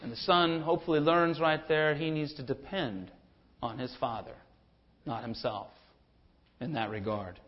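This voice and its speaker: A man's voice: fairly high pitch, steady tone, unhurried, dull audio. A man preaching a sermon as pastor, building to emphatic rhetorical questions.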